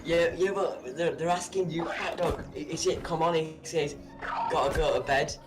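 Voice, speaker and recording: A man's voice: fairly high pitch, steady tone, normal speed, music in the background. A man co-hosting a live game stream, reading out the chat and teasingly pushing his friend. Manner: teasing, pushy, eager. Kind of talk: casual live stream banter.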